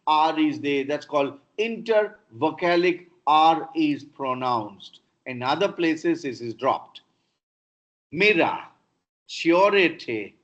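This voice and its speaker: A man's voice: fairly high pitch, fairly bright tone. A middle-aged man with an Indian English accent giving an online lecture on pronunciation, repeating words to show how stress shifts. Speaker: professor teaching pronunciation. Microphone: video call. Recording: dull lo-fi video call audio.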